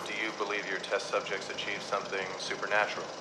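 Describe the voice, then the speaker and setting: A man's voice: fairly low pitch, monotone, quick pace, crowd noise, natural voice, poor audio. An actor playing a male government interviewer who asks level, probing questions on an old tape.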